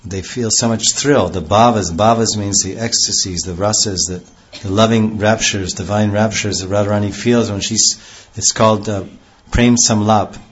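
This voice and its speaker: A man with a low voice gives a devotional lecture. He talks in a rambling way, restarting phrases often. The recording is dull and lo-fi. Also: fairly even intonation, moderate pace. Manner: rambling, with many restarts and acted quotes. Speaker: spiritual teacher.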